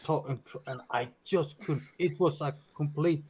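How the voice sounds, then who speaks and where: A man from Sweden telling stories on a casual podcast, pausing often with filler sounds. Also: fairly high pitch, darkish tone, muffled recording, slight background noise. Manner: hesitant storyteller with many uhs.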